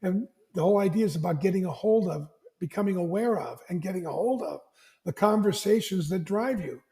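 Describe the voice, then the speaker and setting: A man speaks as an interview guest, with a higher pitch than most men and a warm, soft timbre. He tells stories with plenty of restarts and plays out the dialogue of the people in them. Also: a little fast. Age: older. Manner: animated storyteller who acts out family dialogue, frequent restarts. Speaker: executive coach, podcast guest. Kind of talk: conversational interview storytelling.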